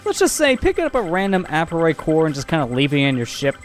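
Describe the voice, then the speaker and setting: A man's voice: a little high, huge pitch swings, fast talker, soft background music. A man hosting a let's play, giving casual, knowledgeable gameplay commentary. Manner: explanatory, knowledgeable.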